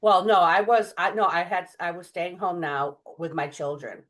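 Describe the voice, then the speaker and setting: Woman, middle-aged, low voice, animated storyteller, lots of fillers. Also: moderate pace. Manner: chatty, many fillers and restarts. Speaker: guest medium. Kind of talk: storytelling interview.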